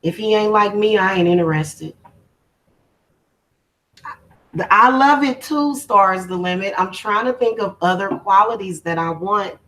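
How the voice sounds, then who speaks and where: A woman's voice: medium pitch, measured pace, pauses often, fairly bright tone, rough recording. A woman hosting a spiritual channel, talking casually on a livestream in a heartfelt, emotional, informal way.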